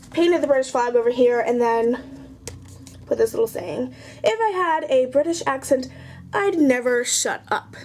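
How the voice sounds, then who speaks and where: Chatty high-voiced young woman. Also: darkish tone, a little hiss or hum. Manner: chatty, rambling, self-mocking. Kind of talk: casual show-and-tell vlog.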